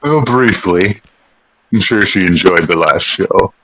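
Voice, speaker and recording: Man as dry, short-tempered master, deep, dead-dry sound. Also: measured pace, fairly bright tone, no room sound, exaggerated voice, poor audio. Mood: curt.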